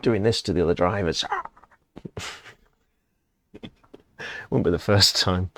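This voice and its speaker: A man's voice: low-pitched, takes it slowly, noisy background. Enthusiastic man rambling about music. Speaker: music reviewer. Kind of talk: casual reaction commentary.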